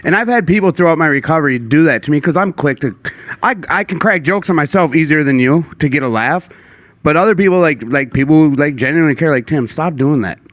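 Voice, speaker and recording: A man's voice: on the high side, lively intonation, fast talker, a bit bright, no room sound. Joking male podcast host, dry sound. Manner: self-deprecating, joking, rambling. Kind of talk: casual recovery podcast chat.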